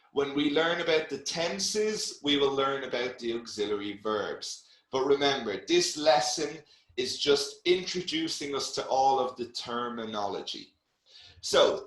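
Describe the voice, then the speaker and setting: A man's voice: fairly high pitch, fairly bright tone, echoey room, rough recording. A man teaching an online English grammar lesson, encouraging his students and reading out their names.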